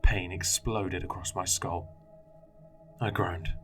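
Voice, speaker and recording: A man narrating a first-person horror story in a measured, dramatic way. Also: low voice. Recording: faint music bed.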